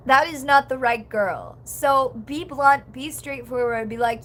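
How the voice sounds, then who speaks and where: A woman's voice: high-pitched, measured pace, hardly any pauses, a bit bright, slight background noise. A young woman chatting casually on a livestream, rambling with lots of "like" and "um" and reading chat comments aloud.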